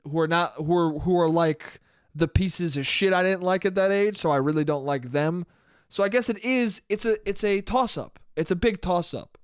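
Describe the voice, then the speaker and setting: A man's voice: sits high, smooth, no echo, studio quality. A young man hosting a solo podcast, rambling in a profane, self-mocking way. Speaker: podcast host. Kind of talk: solo comedic monologue.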